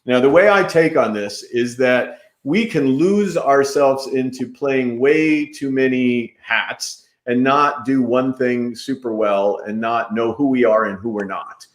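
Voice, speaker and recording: A man's voice: mid-range voice, measured pace, hardly any pauses. A male interview host who asks questions with enthusiasm, in a chatty style, often restarting his sentences. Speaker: podcast host. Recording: echoey room sound.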